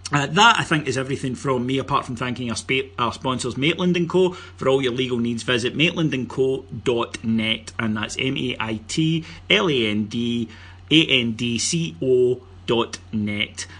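Bright husky Scottish podcast host. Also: male voice, mid-range voice, moderate pace. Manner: joking, banter-heavy, promotional. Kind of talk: casual podcast chat.

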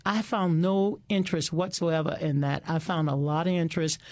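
Animated woman telling stories. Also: low voice, normal speed, no room sound. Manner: animated, repeats words when starting sentences. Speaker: guest. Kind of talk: casual interview storytelling.

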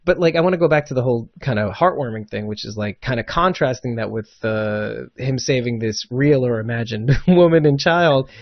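A man co-hosting a casual show chat, rambling and animated, laughing often. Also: mid-range voice, brisk, few pauses, no room sound, highs cut off. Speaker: podcast co-host.

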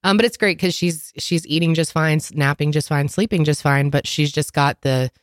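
Woman, podcast co-host, low voice, congested, rambling casual chat. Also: fairly even intonation, normal speed, no echo, clean studio sound. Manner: rambling, filler-heavy, laughs often. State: congested, sore throat.

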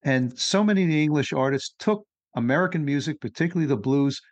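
A man's voice: fairly high pitch, fast, dry recording. A man hosting a podcast, chatting and asking his guest questions. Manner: conversational, asks leading questions. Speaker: podcast host. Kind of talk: interview.

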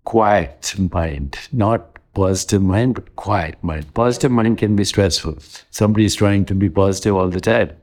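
A man in his seventies with a very low, deep voice, answering interview questions as a guest. He speaks in a calm, measured way and works through his points one at a time, listing each in turn. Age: 70s. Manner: measured, lists ideas one by one. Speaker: interview guest, wellness author.

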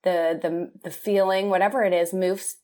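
A woman hosting a podcast, talking openly and emotionally in casual chat, quick to laugh. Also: on the low side, fairly even intonation, dark tone. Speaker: podcast host. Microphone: remote video call.

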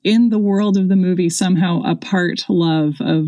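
A woman's voice: lowish voice, steady tone, normal speed, warm tone, no echo. An American woman co-hosting a movie podcast, talking in an enthusiastic, rambling way with many fillers. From United States. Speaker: podcast co-host. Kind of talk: casual podcast chat.

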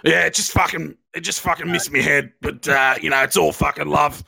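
A man speaks in an extremely gravelly voice with a hard, piercing edge. He is a rowdy returning guest on a comedy show, boastful and crude, swearing in almost every line. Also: a little high, steady tone, brisk, bright, forceful tone, no echo, studio quality. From Australia.

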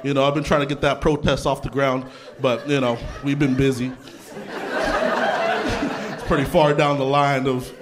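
A young adult man from Canada doing a stand-up comedy set in a theatre, talking conversationally with deadpan punchlines and casual asides. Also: mid-range voice, moderate pace, pauses often, very noisy. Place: theatre stage before a laughing audience. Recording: live theatre set with crowd laughter. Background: audience laughter.

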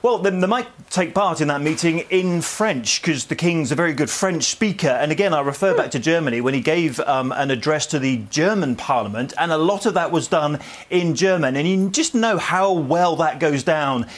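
A man's voice: a little high, lively intonation, normal speed. A man working as a royal news editor, reporting live on location in a chatty, conversational way with occasional hesitations. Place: on location abroad.

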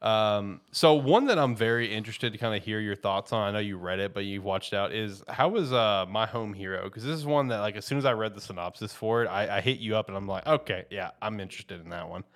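A man with a fairly low voice co-hosts a casual podcast chat. He talks loosely and laid-back, swearing freely and trailing off with fillers. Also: fairly quick, hardly any pauses. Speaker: co-host.

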